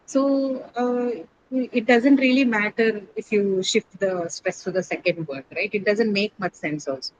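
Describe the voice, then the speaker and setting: A woman's voice: medium pitch, unhurried, lo-fi sound, slight background noise. A woman teaching an online English class, explaining step by step and often checking in with her students.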